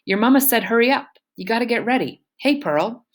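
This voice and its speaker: A woman voicing a loud, blunt grandmother. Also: fairly high pitch, animated, a little fast, pitched above the performer's own voice. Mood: bossy.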